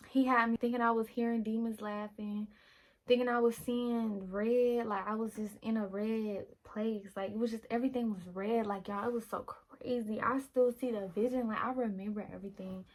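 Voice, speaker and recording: A young woman tells a personal story in a relaxed vlog chat, her voice sitting a little high. She talks animatedly, restarting sentences and calling out to viewers as she goes. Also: normal speed, rough recording. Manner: animated testimony, addresses viewers as y'all, many restarts. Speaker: lifestyle vlogger. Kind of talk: casual storytelling while getting ready.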